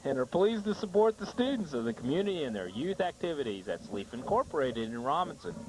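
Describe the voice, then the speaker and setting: A man calling a local high school baseball game on a small broadcast, reading sponsor ads between plays and laughing easily. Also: very animated, fast, darkish tone, a little hiss or hum, rough recording. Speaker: play-by-play announcer.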